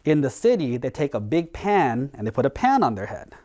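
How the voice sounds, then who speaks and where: A man's voice: medium pitch, sing-song, a little fast, warm tone. A man voicing a sly female crow who plays pranks, talking in a smug, matter-of-fact way.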